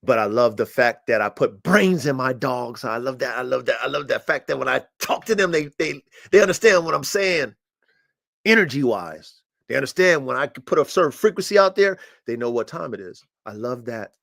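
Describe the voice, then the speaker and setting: Hosting a livestream about his working dogs, a male dog breeder delivers a casual monologue into a streaming mic, animated and fairly quick. His voice is creaky and fairly bright, and he's boastful, swaggering and profane, his pitch jumping up when he gets hyped.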